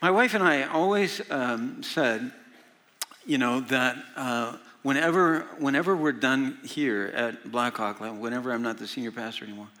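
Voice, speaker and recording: A man's voice: medium pitch, pushed and bright. A man in his sixties, a senior pastor, preaching a sermon in a folksy storytelling way with frequent filler sounds. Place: large church hall. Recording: long reverb of a large hall.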